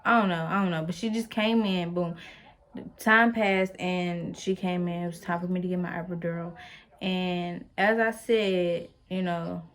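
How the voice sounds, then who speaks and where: A woman's voice: on the low side, fairly even intonation, measured pace. A young woman telling a personal story in a casual, rambling way, full of fillers and playful asides to the viewer. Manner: chatty, rambling, with many fillers. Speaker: vlogger.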